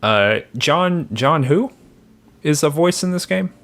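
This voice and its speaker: A man's voice: on the high side, lively intonation, takes it slowly, a bit bright. A man co-hosting a podcast, chatting in a laid-back, teasing way. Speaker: podcast co-host. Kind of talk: casual podcast chat.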